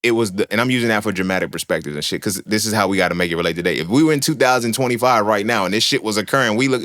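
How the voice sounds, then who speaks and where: A man's voice: on the low side, racing, hardly any pauses, a bit bright. A young man hosting a podcast, talking in a casual monologue, slangy, profane and emphatic as he tells stories. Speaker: podcast host.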